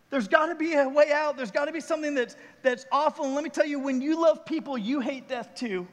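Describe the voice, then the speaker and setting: A man's voice: very high voice, big-room sound. A man preaching a sermon as pastor on a church stage, telling a story earnestly and with emotion.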